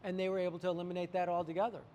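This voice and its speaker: A man's voice: high-pitched, little pitch movement, racing, a little mellow, big-room sound, slight background noise. A man talking about water treatment to camera, telling a client story animatedly and acting out the quotes. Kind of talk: sales talk to camera.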